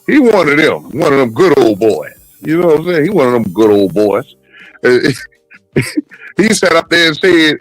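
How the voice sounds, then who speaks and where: High, lively, mocking man. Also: normal speed, dry recording, soft background music, poor audio. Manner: crude, mocking, laughs often. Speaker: panel caller. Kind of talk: casual chat.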